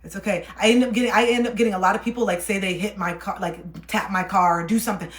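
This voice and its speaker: A woman's voice: mid-range voice, fairly even intonation, fast talker. Chatty young woman livestreaming, roomy echo. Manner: chatty, laughs often, soothing when reassuring. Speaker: livestream card reader. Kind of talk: casual livestream chat.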